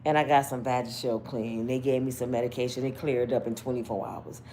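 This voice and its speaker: A woman's voice: rumbling low, steady tone, brisk, warm tone, slight background noise. A woman host giving brash, profane storytelling commentary, laughing often.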